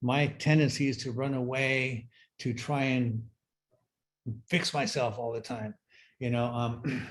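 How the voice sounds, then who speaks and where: A middle-aged man sharing his recovery story at a workshop, speaking in a halting, reflective way with many fillers and restarts. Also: medium pitch, steady tone. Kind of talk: personal sharing talk.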